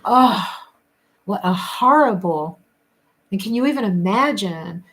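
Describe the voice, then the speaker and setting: A livestream host reads viewer comments in a casual, reflective chat, her medium-pitched voice lively in intonation, slow, and fairly bright. She rambles, restarts often, and laughs between thoughts.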